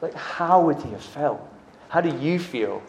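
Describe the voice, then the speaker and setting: A man's voice: a little high, animated, a little slow, slight background noise. A man preaching a casual, chatty sermon, often acting out the dialogue. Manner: conversational, uses "like" and acts out dialogue. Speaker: pastor. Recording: echoey room.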